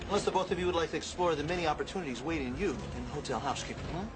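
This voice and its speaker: A man's voice: fairly high pitch, rapid-fire, close to an everyday voice, low-quality recording. An actor playing a firm, pushy man who gives orders in a TV drama. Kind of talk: TV drama acting.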